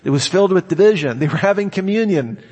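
A man's voice: sits high, expressive, fast talker, darkish tone, husky, in a large hall. A man preaching a Bible-teaching sermon, reading verses aloud and arguing through each one. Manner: reads scripture aloud and argues each verse.

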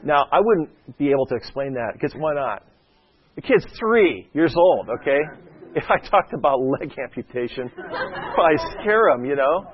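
A man's voice: on the high side, very animated, normal speed, some chatter behind. A man preaching a sermon in a conversational, storytelling way, often checking in with his listeners by asking "okay?". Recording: dull lo-fi sound.

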